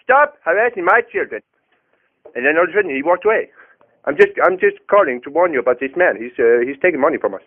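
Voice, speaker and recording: A man's voice: a little high, racing. A man telling a rambling comic story on a prank phone call, hesitant and full of fillers and restarts. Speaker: prank caller. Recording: tinny phone line.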